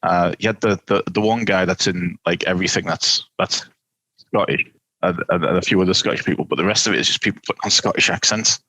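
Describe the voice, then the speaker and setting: Male podcast co-host, husky and lowish voice, rambling and playful, dry close sound. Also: fast, pushed and bright, no room sound, rough recording. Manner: rambling, many restarts, playful. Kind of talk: casual film review chat.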